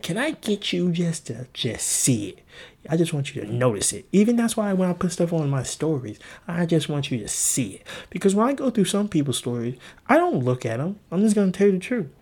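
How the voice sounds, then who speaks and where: A man hosting a casual solo podcast, rambling and playful, jumping from jokes to musings and acting out the voices he quotes. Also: darkish tone. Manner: acts out quoted voices with big pitch jumps. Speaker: podcast host.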